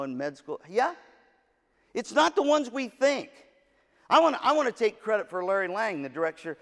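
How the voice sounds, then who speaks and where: A man giving a humorous, story-driven keynote talk to music teachers, joking and self-deprecating, recorded in a large conference hall. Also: fairly high pitch. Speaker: keynote speaker to band directors. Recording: long reverb of a large hall.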